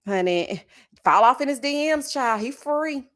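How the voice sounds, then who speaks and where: A woman's voice: sits high, expressive, a little slow. A middle-aged woman, hosting casual, dramatic reaction commentary and reading viewer comments with sass and laughter. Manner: sassy, dramatic, laughing, calls viewers honey and child. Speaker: reality TV commentary host.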